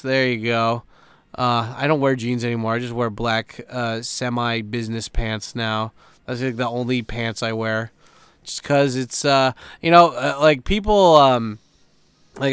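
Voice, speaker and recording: Young guy podcasting, swears a ton, smooth clear voice, dry close sound. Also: medium pitch, no echo. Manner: profane, animated storytelling with lots of fillers. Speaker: podcast host. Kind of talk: casual rambling chat.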